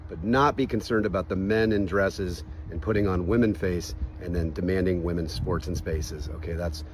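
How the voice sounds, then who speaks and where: A man's voice: low voice, moderate pace, darkish tone, slight background noise. A man giving curt, argumentative rebuttals to clips. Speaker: commentator. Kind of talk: rebuttal commentary.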